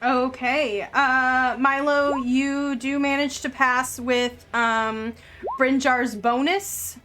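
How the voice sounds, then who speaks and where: Woman, game master, high voice, slow narration, frequent ums, tabletop game. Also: faint music behind. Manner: unhurried, lots of ums, bursts of excitement at rolls.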